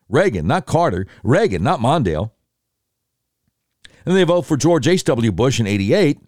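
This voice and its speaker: A man telling political history in an animated way, breaking into quick impressions of voters and politicians. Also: mid-range voice, no echo, studio quality.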